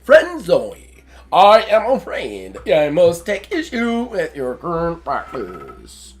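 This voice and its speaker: A man's voice: on the high side, wildly swooping pitch, takes it slowly, heavily acted. A man doing a stiff, prim robot. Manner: stiff, overly formal delivery. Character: prim, formal robot character.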